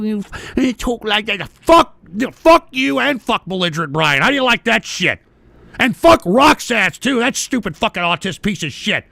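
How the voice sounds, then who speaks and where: A man hosting a radio show, delivering profane ranting commentary in an angry, abrasive way. He shouts insults at his listeners and keeps tossing in "all right?". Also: high-pitched, vocal fry, no room sound. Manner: repeats "all right?" as a verbal tic.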